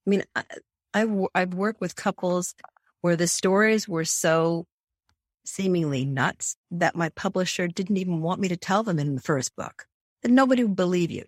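A woman's voice: fairly low pitch, measured pace, dry recording, studio quality. A woman therapist and author in an interview, telling case stories vividly and acting out the people she quotes. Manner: vivid storyteller who acts out quoted voices.

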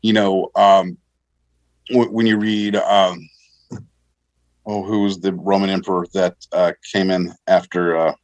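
Low-voiced veteran man, relaxed storyteller. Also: a little slow, pauses often, dry recording, lo-fi sound. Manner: relaxed, rambling with fillers and self-corrections. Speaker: army veteran guest. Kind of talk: casual conversational storytelling.

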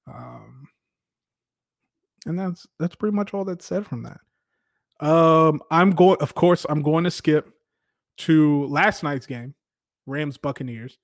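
A man hosting a casual football commentary show, giving opinionated, animated takes with lots of filler words. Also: sits high, no room sound, clean studio sound. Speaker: sports podcast host.

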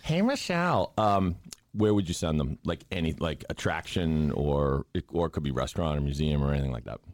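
A deep-voiced man with a faint Boston accent chats casually as host, teasing his guest and rambling through jokes with plenty of restarts. His voice is low and sits close and dry on the mic. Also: fast talker, darkish tone, dry recording. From Boston area, USA. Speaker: podcast host. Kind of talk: casual interview chat.

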